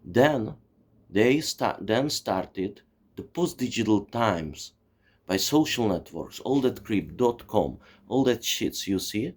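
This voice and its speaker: A channel host in his forties from Czechoslovakia rambles through a profane, digressive monologue, swearing and peppering it with "you see" and "you know." His husky voice is lowish and animated but slow-paced.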